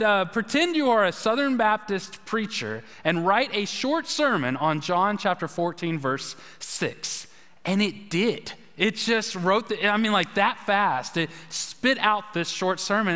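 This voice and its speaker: In a church sanctuary full of long hall reverb, a male pastor delivers a relaxed, chatty sermon and often puts questions to the congregation. His voice sits high with a fairly bright tone.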